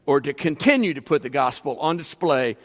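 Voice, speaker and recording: Male pastor, sermon, emphatic up-and-down delivery, high voice, long hall echo. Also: expressive, a little fast. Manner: emphatic, rising and falling preaching delivery with frequent fillers.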